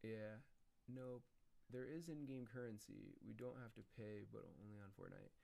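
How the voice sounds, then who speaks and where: A man's voice: lowish voice, very animated, moderate pace, creaky, mellow. A man rambling and musing as he chats to viewers on his live stream. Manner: rambling, musing, talks to chat. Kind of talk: casual live-stream chat.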